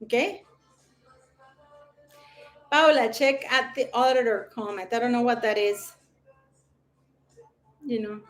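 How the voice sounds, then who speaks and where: A woman's voice: on the high side, takes it slowly, pauses often, soft background music. A woman hosting a casual livestream, rambling and chatty with lots of fillers. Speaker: livestream host.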